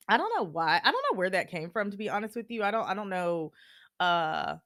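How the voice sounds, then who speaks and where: A woman hosting a podcast, giving candid, animated advice and acting out everyday exchanges. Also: fairly low pitch, dry recording, studio quality. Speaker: podcast host. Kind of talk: casual advice talk.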